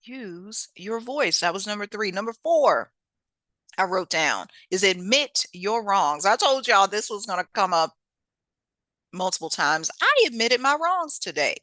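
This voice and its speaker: A woman delivers a motivational self-help talk in a bright, forceful voice. Her pitch swoops in an animated way, and her delivery is preachy and colloquial. The sound is dry and close. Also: measured pace, dry recording. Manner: lively and preachy, with colloquial speech and laughs. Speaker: host.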